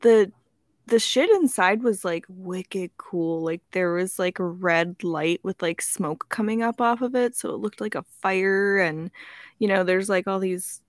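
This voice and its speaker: A woman's voice: medium pitch, measured pace, no room sound, studio quality. A woman telling a story in casual podcast chat, filling her sentences with "like" and swearing freely. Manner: fills every phrase with "like", swears freely. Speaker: podcast co-host.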